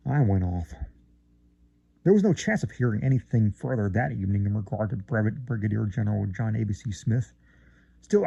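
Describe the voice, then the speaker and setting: Gravelly man reading a classic story. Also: medium pitch, mellow, dry recording, lo-fi sound. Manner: theatrical, rising emphasis, occasional stumbles. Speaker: reader.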